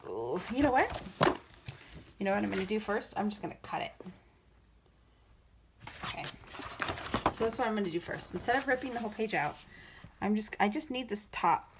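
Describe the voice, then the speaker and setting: A woman's voice: mid-range voice, expressive, moderate pace, pauses often, heavy background noise. A woman chatting casually while crafting, rambling with many fillers and restarts, getting emotional and breaking into laughs. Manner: emotional, laughing between words. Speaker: crafting vlogger.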